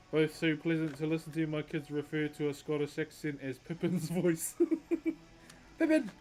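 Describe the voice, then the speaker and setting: A man's voice: a little high, level tone, normal speed, darkish tone, soft background music. Laid-back New man streaming. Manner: laid-back, laughs often, says bro. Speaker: livestreamer and wood carver. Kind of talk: casual live-stream chat.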